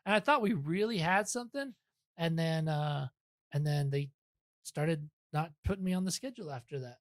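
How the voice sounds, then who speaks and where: A man's voice: on the high side, expressive, moderate pace, dry recording, studio quality. A young man talking as a podcast guest in casual chat, rambling and self-deprecating, with many restarts.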